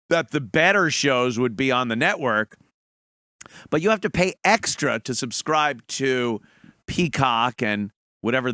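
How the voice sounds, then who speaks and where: A man hosts a talk show and rants about a trailer with a slow, forceful delivery. He is profane and mocking and breaks into laughter often. His voice is a little high and sits dry and close. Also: dry recording. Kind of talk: comedic rant reviewing a trailer.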